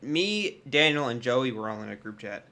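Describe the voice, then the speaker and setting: A man's voice: medium pitch, animated, normal speed, pushed and bright. A young man co-hosting a podcast, telling a story in casual chat with frequent restarts. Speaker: podcast co-host.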